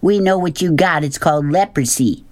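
A man's voice: on the high side, moderate pace, pitched above the performer's own voice, natural voice. A man doing a jeering schoolboy bully. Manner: jeering, shouting. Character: mean young schoolboy bully.

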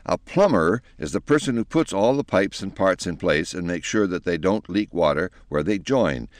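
A man's voice: deep voice, lively intonation, normal speed, no echo. A man reading aloud, voicing an earnest, clever young girl who explains things eagerly and politely.

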